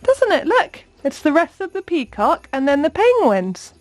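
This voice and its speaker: A woman's voice: high-pitched, wildly swooping pitch, moderate pace, soft background music. A young mother filming a casual home vlog, chatting to camera and coaxing her toddler in a sing-song voice. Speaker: vlogger and mum.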